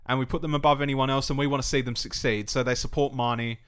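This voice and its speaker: Animated, foul-mouthed man. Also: mid-range voice, fast talker, smooth. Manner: animated, swears freely, breaks into mock voices. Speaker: podcast co-host. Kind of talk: casual gaming podcast chat.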